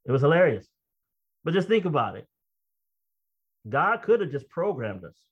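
A male preacher with a somewhat high voice delivers a sermon, slowly reading quotations aloud and then breaking into lively, emphatic commentary. The recording is dull and lo-fi, with muffled highs. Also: breathy edge. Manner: reads quoted text slowly, then comments conversationally and emphatically, often laughing. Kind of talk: sermon with read-aloud quotations and personal stories.

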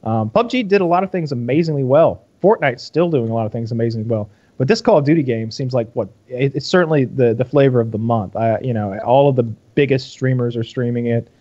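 A man's voice: mid-range voice, fairly quick, few pauses, dark tone, highs cut off. A man co-hosting a podcast in casual chat, rambling and swearing, restarting his sentences often. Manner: rambling, profane, lots of restarts.

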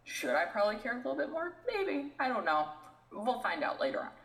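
Animated, lively-pitched woman ranting in echoey room. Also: brisk, creaky. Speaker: podcast co-host. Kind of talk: casual podcast rant.

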